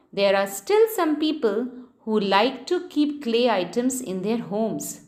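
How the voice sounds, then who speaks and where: Slow, lively Indian woman teacher. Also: sits high. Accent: Indian English. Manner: slow, patient, spells words out letter by letter. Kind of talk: scripted classroom lesson for children.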